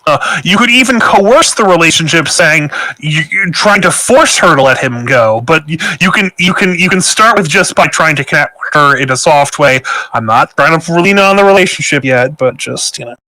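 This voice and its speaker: A man running a tabletop game as game master, excitable, laughing often and stammering through restarts. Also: on the high side, moderate pace, hardly any pauses, no echo, low-quality recording.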